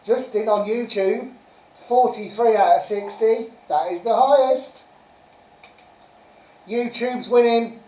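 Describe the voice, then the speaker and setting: A woman's voice: fairly high pitch, takes it slowly, pauses often, mellow. A woman hosting a casual live-stream quiz, chatty and giggly as she reads out answers and scores. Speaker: quiz host. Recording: roomy sound from a distant mic.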